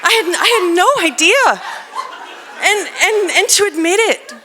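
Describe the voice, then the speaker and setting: A woman telling a personal story on stage, animated and self-deprecating, often laughing as she talks. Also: very high-pitched, normal speed, a little hiss or hum. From United States. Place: stage at a live storytelling event.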